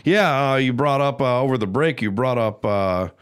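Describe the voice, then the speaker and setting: A man's voice: medium pitch, animated, moderate pace, smooth. A man hosting a casual podcast chat, talking in a laid-back, rambling way with many fillers. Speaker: podcast host.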